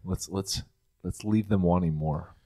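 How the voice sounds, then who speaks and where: Very low-voiced young male host, easygoing banter. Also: unhurried. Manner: relaxed, jokey, wraps up the show. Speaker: podcast host. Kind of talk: casual chat.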